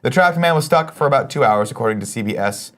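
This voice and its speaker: A man's voice: medium pitch, lively intonation, fast talker, fairly bright tone. Crude joking male morning-show host. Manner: crude, joking, reads stories aloud. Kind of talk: casual comedic news chat.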